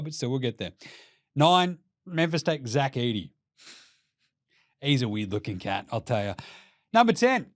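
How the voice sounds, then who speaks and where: A young man with an Australian accent riffs through casual sports commentary, brash and full of swearing and jokes. His voice sits a little high. The sound is dry and close, with no room echo. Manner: brash, profane and jokey. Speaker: basketball commentary host.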